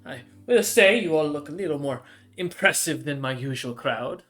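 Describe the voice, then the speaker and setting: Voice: mid-range voice, expressive, normal speed, fairly bright tone, faint music behind, pitched below the performer's own voice, lightly acted. A game master voicing a female troll shopkeeper who haggles with a wry, businesslike patter. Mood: bargaining. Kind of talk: voicing a character in a tabletop game.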